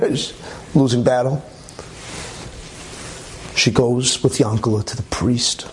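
A man telling a religious story in a lively way, with chatty asides and many okays. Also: mid-range voice, slow, long pauses, a little hiss or hum. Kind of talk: animated storytelling talk.

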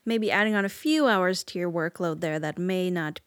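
A woman co-hosting a comedy podcast, deadpan and teasing as she chats and reads the sign-off plugs. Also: on the low side, moderate pace, dry recording, clean studio sound. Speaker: podcast co-host. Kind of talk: casual comedy podcast chat.

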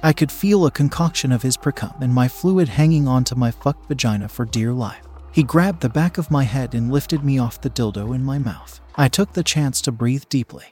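A man calmly narrating a first-person story in an even reading voice, at times hushed. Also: mid-range voice, moderate pace, hardly any pauses, husky, faint music behind.

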